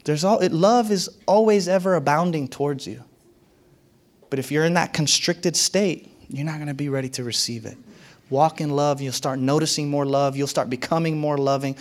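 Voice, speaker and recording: Man preaching, fairly high voice, emphatic, repeats his lines, swings from hushed to loud. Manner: emphatic, repeats key phrases, pitch swings widely. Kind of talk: sermon.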